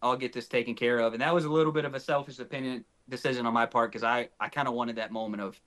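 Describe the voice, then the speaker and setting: A young north Texas man guesting on a podcast speaks quickly in a medium-pitched voice. He tells a story in animated, casual chat, acting out the dialogue he quotes.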